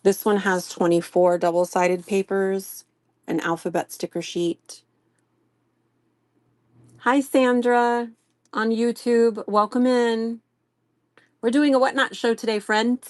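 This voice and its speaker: Soft-spoken woman chatting on a live sale. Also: fairly high pitch, fairly even intonation, slow pace, long pauses, no room sound. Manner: chatty, greets viewers by name, gushes softly. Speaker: live-stream seller. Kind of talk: casual live-stream product showing.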